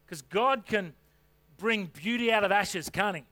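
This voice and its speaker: This preacher's voice sits high and he takes his time. He shares a personal story in a conversational manner before rising into loud, fervent appeals of faith.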